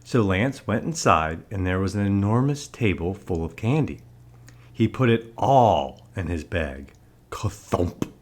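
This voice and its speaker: A man narrating a children's picture book aloud in an expressive storyteller manner. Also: sits low, unhurried.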